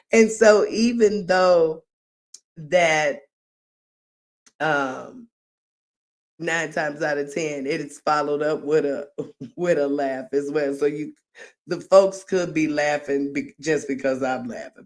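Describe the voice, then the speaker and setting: A deep-voiced woman rambles chattily on her own live stream, laughing at her own jokes and referring to herself in the third person.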